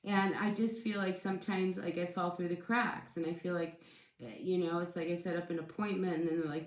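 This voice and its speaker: A woman's voice: on the low side, steady tone, fairly quick. Chatty woman reading tarot, echoey room. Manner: chatty, reassuring, repeats words and restarts often. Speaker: tarot reader.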